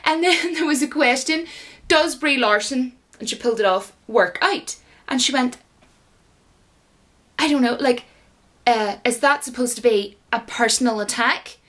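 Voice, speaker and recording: High-voiced woman ranting in a vlog. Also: normal speed, pauses often. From Ireland. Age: 30s. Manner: exasperated, sarcastic, animated ranting. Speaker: YouTuber.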